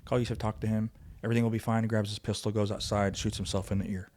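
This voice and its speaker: A man speaking quickly and with a low voice, recounting events with emphasis and acting out the lines of the people in the story. He sounds like a guest in a podcast studio, close to the microphone. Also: level tone, a little mellow. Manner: fast, emphatic retelling, acting out quoted voices. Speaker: guest, former police officer. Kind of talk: conversational storytelling.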